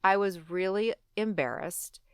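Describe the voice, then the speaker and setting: A woman in her forties, a guest on an interview, tells her story candidly, using "like" and "you know" often and performing what she once said. She sinks quiet and low while recalling regret. Her voice is smooth and a little slow, in a dry, clean studio recording.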